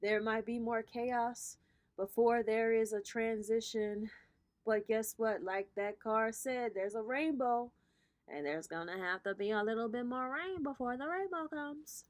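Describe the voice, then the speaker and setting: A woman's voice: a little high, measured pace. A woman hosting a casual astrology vlog, giving a brash, profane pep talk and calling her viewers honey and baby. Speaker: spiritual reader and vlog host.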